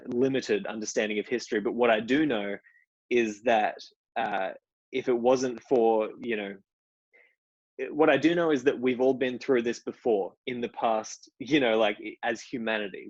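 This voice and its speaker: A man's voice: medium pitch, no echo, muffled recording. A man hosting an online meetup, talking casually and rambling with many restarts. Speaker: host of a stoicism meetup. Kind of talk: casual talk to a group. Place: indoor room at home.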